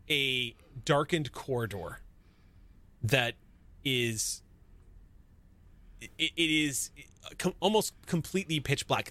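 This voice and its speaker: Running a tabletop sci-fi horror session, this male game master walks through scenes and rules casually, often restarting and using filler words. His voice sits at a medium pitch, with no room sound in the recording.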